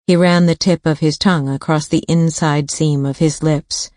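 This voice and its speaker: Woman reading a thriller audiobook, low steady voice, dry studio sound. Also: normal speed, no room sound. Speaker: audiobook narrator. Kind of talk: scripted thriller narration.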